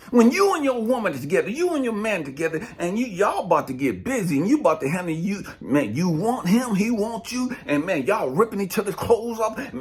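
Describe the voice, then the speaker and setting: A spiritual coach gives a motivational talk with a lively pitch. He is blunt and preachy, swinging between loud and hushed delivery.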